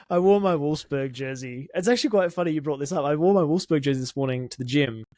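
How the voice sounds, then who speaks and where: A man's voice: fairly high pitch, animated, brisk, darkish tone, dry recording, studio quality. A man co-hosting a podcast in casual chat, laughing easily and telling stories against himself. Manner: laughs easily, chatty and self-mocking. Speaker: podcast co-host.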